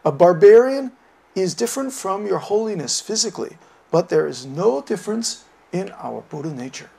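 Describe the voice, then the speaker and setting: Man playing a humble young woodcutter, earnest, respectful, slightly high voice, some gravel. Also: big pitch swings, moderate pace, dark tone, heavily acted.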